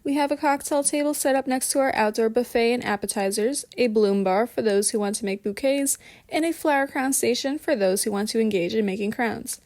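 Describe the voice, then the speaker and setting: A woman's voice: on the high side, brisk, darkish tone, dry recording, close to an everyday voice. Woman reading as a worried party hostess. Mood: announcing. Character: worried female party hostess and school staffer.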